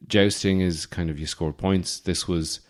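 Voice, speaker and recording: Very deep-voiced Irish man rambling. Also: unhurried. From Ireland. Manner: deadpan, digressive, with frequent fillers and restarts. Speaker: podcast host. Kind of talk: rambling comic monologue.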